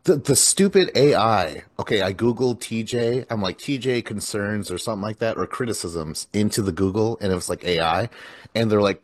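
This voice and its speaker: Male co-host, lower register, blunt exasperated ranter, dry recording. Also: fairly quick, dry recording. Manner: blunt, exasperated ranting with swearing. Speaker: podcast co-host. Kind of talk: casual chat.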